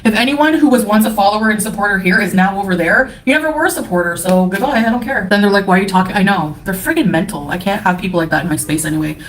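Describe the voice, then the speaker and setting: A woman's voice: mid-range voice, fast, few pauses. A woman from Canada streaming live, ranting in a profane, scornful and defensive way. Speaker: livestreamer. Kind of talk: angry livestream rant.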